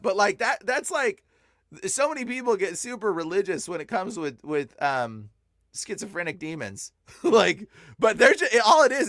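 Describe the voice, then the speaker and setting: A man, a podcast guest, telling stories in a rambling, animated way, full of fillers and laughing as he talks. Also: high-pitched, no echo, studio quality. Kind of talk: casual storytelling.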